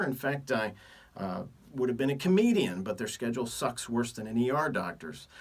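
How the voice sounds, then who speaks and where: Joking doctor talking to camera. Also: male voice, on the high side, a bit bright, recorded from a distance. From Texas. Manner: joking, wry asides. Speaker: physician hosting a video series. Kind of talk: unscripted talk to camera.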